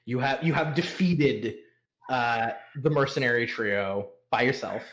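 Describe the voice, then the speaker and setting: A man's voice: mid-range voice, a little slow, a bit bright. A man acting as game master who narrates a tabletop game in a rambling way, full of fillers and laughs.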